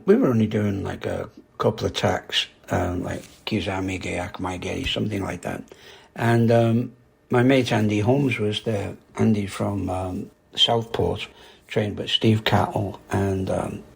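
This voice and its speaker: A man's voice: fairly low pitch, vocal fry, a little mellow, husky. An older man, a karate instructor hosting a podcast, telling rambling anecdotes in a casual, chatty way and laughing at his own stories.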